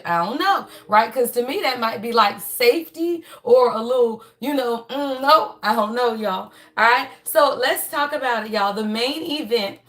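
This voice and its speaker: A woman with a somewhat high voice hosts a relaxed astrology livestream. She talks in a chatty, folksy way and keeps turning to her viewers with y'all. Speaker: astrology and tarot reading host. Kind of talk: casual livestream reading.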